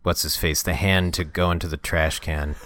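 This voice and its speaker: A man's voice: deep voice, level tone, moderate pace, a bit bright. A man in his thirties co-hosting a comedy podcast, making dry, teasing remarks and setting up pun jokes. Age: 30s. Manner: dry, teasing, sets up joke puns. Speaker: podcast co-host. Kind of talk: casual comedic movie review chat.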